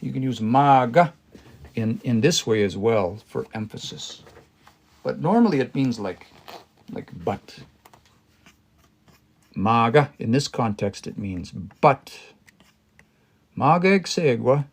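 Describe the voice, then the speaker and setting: A man on a casual live stream studying a language as a learner. He thinks aloud, pauses, restarts and reads phrases slowly. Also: medium pitch, expressive.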